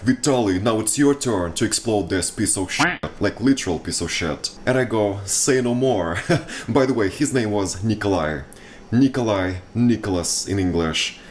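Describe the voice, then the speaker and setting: A man's voice: lowish voice, a little hiss or hum. A young man from Russia with a Russian accent, telling childhood stories in a chatty, self-mocking way and laughing often. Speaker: vlogger. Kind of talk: casual storytelling.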